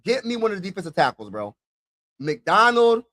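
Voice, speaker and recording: A young man hosting a live draft reaction stream, talking casually and excitedly straight to his viewers and repeating himself. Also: high-pitched, normal speed.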